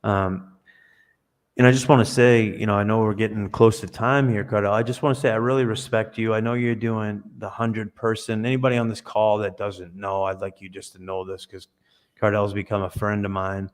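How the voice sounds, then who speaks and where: A man's voice: on the low side, level tone, fairly quick. An earnest man guests on a podcast over a video call. He talks like a preacher, spinning parables and stories with conviction. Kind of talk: conversational interview.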